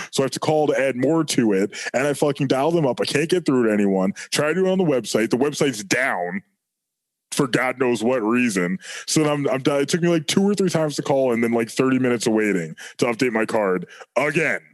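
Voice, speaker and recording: A man's voice: medium pitch, animated, brisk. A man, co-hosting a casual sports podcast and ranting heatedly with plenty of swearing. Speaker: podcast co-host.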